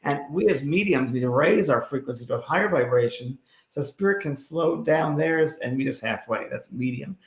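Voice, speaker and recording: A man, a medium co-hosting a casual chat, telling animated, jokey stories. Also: mid-range voice, moderate pace, echoey room. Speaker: medium and show co-host.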